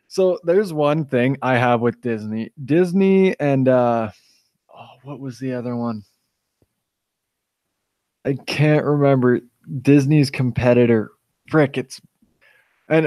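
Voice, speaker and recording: A man's voice: mid-range voice, a little mellow, no room sound, clean studio sound. A young man chatting casually on a live stream, rambling and swearing as he reads out chat comments.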